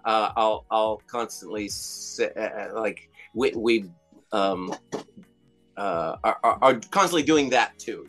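A middle-aged man talks through an interview in a loose, rambling way, full of ums, uhs and restarts. His voice sits at an ordinary pitch, and faint music hums underneath. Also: fairly bright tone. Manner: rambling, hesitant, many fillers and restarts. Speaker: interviewee, comedian and songwriter. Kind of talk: casual interview storytelling.

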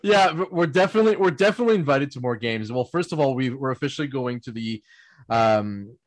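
A man at an ordinary middle pitch tells casual stories on a podcast panel. He rambles, laughs often and restarts his sentences. The sound is dry and close. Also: lively intonation, fairly quick, no room sound. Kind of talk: casual storytelling chat.

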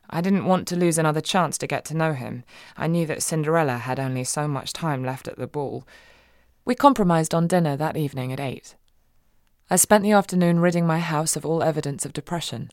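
A woman reading a first-person audiobook in a wry, expressive way, swinging between giddy and hushed. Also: deep voice, brisk, no room sound, clean studio sound. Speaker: audiobook narrator.

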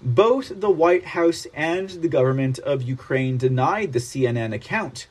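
The host of a political news commentary show reads articles aloud and ridicules them with animated sarcasm. His husky voice sits fairly high and moves a little slowly.

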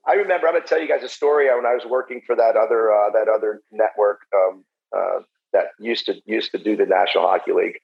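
A man with a gravelly, fry-edged voice chats as a podcast guest, blunt and profane, working himself up as he talks. The audio is muffled and lo-fi. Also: lowish voice, fast talker. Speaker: podcast guest, former pro hockey player. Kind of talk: casual podcast chat.

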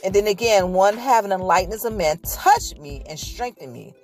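A woman's voice: medium pitch, expressive, moderate pace, soft background music. A woman hosting a podcast sermon, preaching conversationally, speaking directly to her listeners and reading scripture aloud with hesitations. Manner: earnest, directly addresses listeners. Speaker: podcast host.

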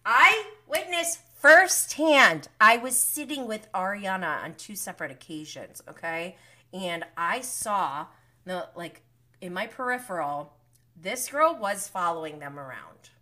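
A woman's voice: mid-range voice, animated, measured pace, bright, forceful tone. A woman hosting a casual reality TV recap livestream, gossiping, swearing, laughing often and acting out what the cast said. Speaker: recap host.

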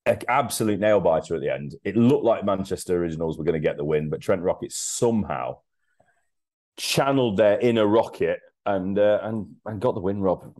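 Podcast co-host: man, very low voice, chatty and jokey, laughs a lot. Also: animated, a little fast, darkish tone. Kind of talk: casual sports podcast chat.

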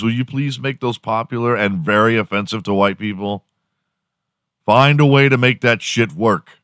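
A man in his forties talks alone on his own podcast, with a somewhat low voice. He rambles through crude jokes and keeps laughing at himself. The sound is dry and close, with no room around it. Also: fairly bright tone, dry recording. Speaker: podcast host. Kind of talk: solo comedic podcast rant.

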